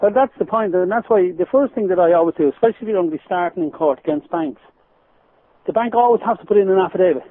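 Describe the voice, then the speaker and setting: Irish male guest, lively storyteller, talks fast, calling in over a phone line. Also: high voice. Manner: animated storyteller, laughs while telling anecdotes. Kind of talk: phone-in radio interview. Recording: tinny phone line, dry.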